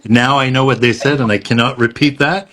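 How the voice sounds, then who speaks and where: A man with a French Canadian accent talks on a live chat as an invited actor, mid-pitched and animated. He tells stories and laughs easily. Clear background noise sits under his voice. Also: a little fast. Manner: animated, laughs often, storytelling. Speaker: actor guest. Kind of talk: casual live-stream chat.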